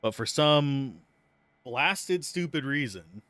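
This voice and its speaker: Bright, lively man chatting while gaming. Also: mid-range voice, slow pace, no echo. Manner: rambling, chatty, swears when annoyed. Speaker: livestreamer playing a video game. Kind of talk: casual gameplay commentary. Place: home computer desk. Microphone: close mic with earbuds at a PC.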